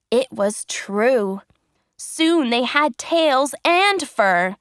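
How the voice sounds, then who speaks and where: A woman reading a children's storybook aloud, clear and expressive. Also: sits high, drawn-out words, no echo, clean studio sound. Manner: clear, expressive, carefully paced. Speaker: storybook narrator. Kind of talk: slow storybook reading for learners.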